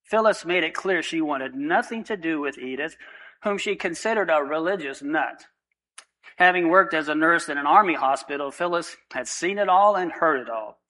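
A man preaching a sermon in church, praying and then telling a story in an earnest, steady way. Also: on the high side, low-quality recording. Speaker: pastor.

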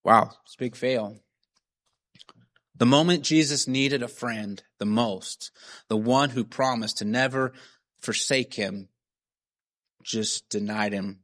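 Male pastor, mid-pitch, earnest and chatty sermon delivery. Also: slow pace, long pauses, fairly bright tone. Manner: earnest, conversational, frequent "right?" and "you know".

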